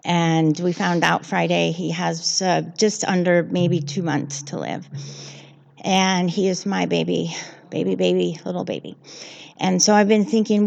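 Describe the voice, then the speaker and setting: Heartfelt woman reader with a gravelly voice. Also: on the low side, fairly even intonation, measured pace, darkish tone, muffled recording. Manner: heartfelt, earnest storytelling. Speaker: service reader. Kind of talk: church reading and personal sharing. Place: church sanctuary.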